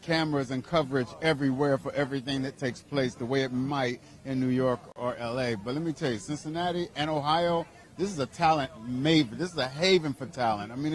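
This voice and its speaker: A man being interviewed at an event, speaking earnestly and with enthusiasm, often adding "you know". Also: medium pitch. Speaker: interview guest. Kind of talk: conversational interview.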